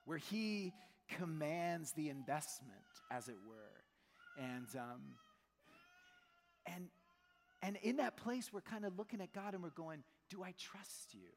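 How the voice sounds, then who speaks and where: A man's voice: on the high side, slow pace, long pauses. Brief: male pastor, conversational sermon, acts out voices, big echoing church hall. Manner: conversational, animated, acts out quotes. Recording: long church hall reverb.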